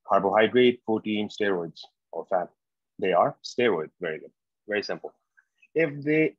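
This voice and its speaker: A man giving a medical exam prep lecture, slow and repetitive, quizzing his students as he goes. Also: lowish voice, no echo. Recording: dull, dry lo-fi lecture recording.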